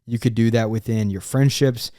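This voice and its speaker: A man's voice: medium pitch, fairly even intonation, moderate pace, dark tone, no room sound, studio quality. A young man co-hosting a casual podcast, joking and asking playful questions, telling rambling stories. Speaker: podcast co-host.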